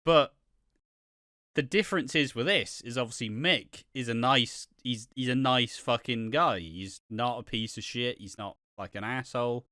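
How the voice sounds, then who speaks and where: A man's voice: medium pitch, normal speed, bright, forceful tone, no room sound, clean studio sound. A man co-hosting a podcast in casual chat, candid and offhand with frequent swearing. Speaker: podcast co-host.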